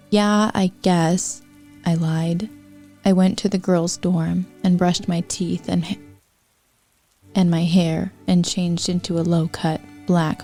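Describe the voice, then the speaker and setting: A woman reads fanfiction aloud for her podcast, slow and unhurried, with a mellow, lowish voice. She keeps stopping for wry, apologetic asides. Faint music plays underneath. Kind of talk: comedic reading aloud.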